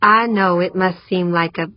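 A woman's voice: lowish voice, fairly even intonation, moderate pace, no echo, lightly acted. A woman reading the part of a patient, encouraging young woman official in an audiobook. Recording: dry, dull lo-fi audiobook recording.

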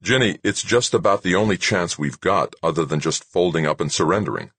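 A man's voice: deep voice, lively intonation, brisk, fairly bright tone, breathy edge, dry recording, voice pushed up, heavily acted. A man voicing a determined, stubborn young man in an audiobook, close to his own voice.

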